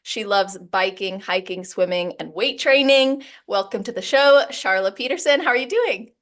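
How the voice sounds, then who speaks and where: A woman's voice: medium pitch, lively intonation, normal speed. A woman hosting a podcast interview, effusive and laughing often as she talks. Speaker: podcast host. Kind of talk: casual interview chat.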